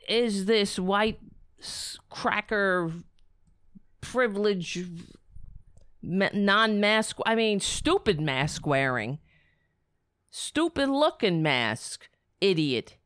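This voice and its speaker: A woman's voice: mid-range voice, fairly bright tone, smooth, no room sound, studio quality. A woman giving solo commentary, indignant and incredulous, firing rhetorical questions and letting her voice jump up when outraged. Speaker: political commentator.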